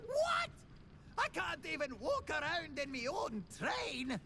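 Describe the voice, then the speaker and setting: A shrieking bird train conductor. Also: male voice, very high-pitched, huge pitch swings, slow pace, a little hiss or hum, heavily acted. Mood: outraged. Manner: indignant shouting.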